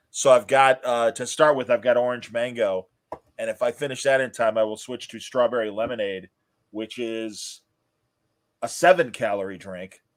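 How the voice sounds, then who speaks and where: Animated male podcast host. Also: medium pitch. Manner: animated storyteller, mimics cheering crowds. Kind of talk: casual podcast chat.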